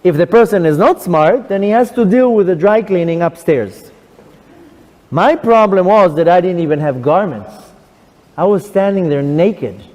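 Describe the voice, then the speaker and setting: Rabbi giving a lively testimony talk, high, expressive voice, long hall reverb. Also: male voice, moderate pace. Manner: animated, emphatic storytelling. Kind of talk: testimony lecture.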